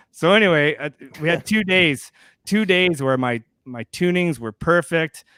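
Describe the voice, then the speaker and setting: A man's voice: on the high side, slow, fairly bright tone, clean tone, no room sound. A man from Canada co-hosting a podcast, telling a rambling story and acting out the quoted lines. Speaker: podcast co-host. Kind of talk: casual storytelling.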